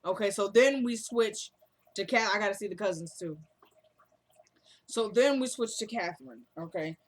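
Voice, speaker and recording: Excited woman recapping a TV episode. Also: mid-range voice, moderate pace. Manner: animated, retells scenes playfully.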